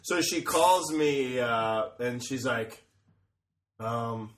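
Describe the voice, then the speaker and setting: A man's voice: medium pitch, extremely slow, echoey room, far from the mic. A man comedian telling a rambling story in casual chat, swearing and laughing often. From Chicago area. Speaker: comedian guest.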